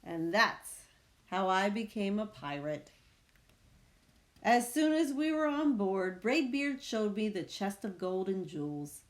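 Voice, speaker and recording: A woman reading a children's picture book aloud, with slow, expressive storytelling. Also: mid-range voice. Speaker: reader.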